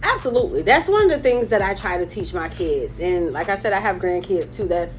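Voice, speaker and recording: A woman's voice: mid-range voice, lively intonation, fairly quick, soft background music. A woman in her forties, a firearms instructor, telling her story candidly in a casual interview. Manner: candid storytelling, breaks into laughter retelling.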